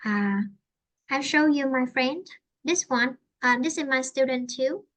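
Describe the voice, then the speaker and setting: A woman's voice: high voice, a little slow, a bit bright. A woman with a Vietnamese accent teaching an English lesson, switching between Vietnamese and English and explaining with many fillers and restarts.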